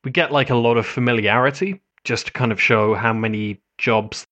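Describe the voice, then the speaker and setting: Male podcast co-host, mid-pitched, enthusiastic and casual, swears freely. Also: moderate pace, fairly bright tone. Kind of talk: casual anime review chat.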